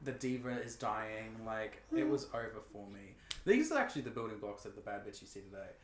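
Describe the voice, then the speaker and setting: A man's voice: fairly low pitch, expressive, a little fast, crowd noise. A young man co-hosting a podcast, telling a story in a dramatic, profane way. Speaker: podcast co-host. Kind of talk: casual podcast chat. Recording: echoey room with faint noise.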